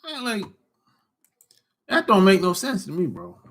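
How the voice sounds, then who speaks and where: A man's voice: high voice, wildly swooping pitch, measured pace, fairly bright tone. A man hosting a casual livestream, teasing callers in loose slang and laughing often. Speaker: livestream host talking with callers. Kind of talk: casual chat.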